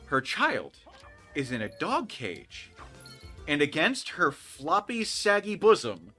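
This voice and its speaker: A co-host with a slightly high voice talks slowly over soft background music, casually sharing a story from work while he plays a game. He's animated and acts out the people he describes.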